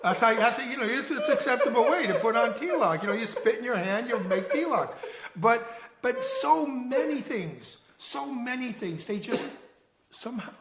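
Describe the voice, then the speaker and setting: A man's voice: extremely high pitch, big pitch swings, moderate pace, background noise. A man reminiscing in casual conversation, correcting details and laughing as he talks. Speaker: storyteller recalling past travels. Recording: roomy echoey room.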